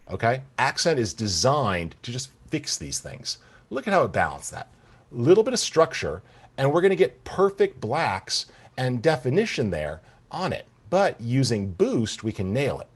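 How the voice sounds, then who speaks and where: A middle-aged man giving an enthusiastic live software demonstration, talking straight to the viewers and checking in with them often. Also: medium pitch, slightly rough. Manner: enthusiastic, addresses viewers directly with "guys" and "right?". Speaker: software presenter.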